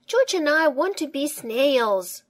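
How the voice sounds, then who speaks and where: A bossy, cheerful little piglet girl, as a storybook reader puts her on, squeals with excitement. Her voice sits high and bright and leaps about eagerly. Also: slow pace, full character voice. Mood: excited.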